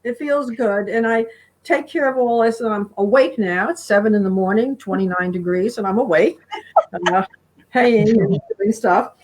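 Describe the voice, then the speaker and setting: A middle-aged woman answering interview questions in a rambling, warm way, often acting out her animals' voices. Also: medium pitch, moderate pace, rough recording. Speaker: guest speaker.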